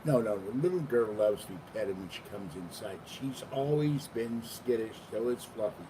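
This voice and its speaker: A man's voice: on the low side, lively intonation, normal speed, distant mic. An older man chatting in a meandering, casual way as he vlogs from home, now and then cooing to his cats. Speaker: vlogger. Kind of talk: rambling casual vlog. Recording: noisy home recording.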